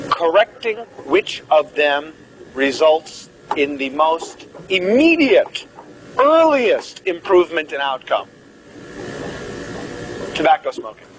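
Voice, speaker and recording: A man's voice: a little high, background noise. A man giving a live medical lecture, joking and theatrical as he quizzes the class.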